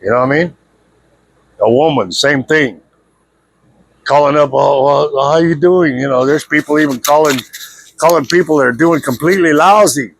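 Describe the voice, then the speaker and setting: A man's voice: a little high, normal speed, long pauses, fairly bright tone. A man giving a blunt, confrontational spiritual monologue to his viewers, repeating himself and leaning on "you know". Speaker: spiritual video speaker. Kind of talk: preachy spiritual monologue to camera.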